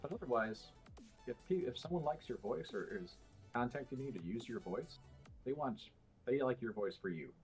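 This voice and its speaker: A man's voice: medium pitch, animated, normal speed, a little mellow, faint music behind. A man in casual podcast chat, explaining things at length with many fillers and restarts. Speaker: podcast guest.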